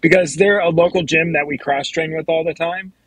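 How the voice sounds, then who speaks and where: A man's voice: a little high, fairly even intonation, a little fast, a bit bright, slightly rough, no room sound, low-quality recording. A man, a martial arts competitor, casually telling the story of his championship celebration. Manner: easygoing, laughs along.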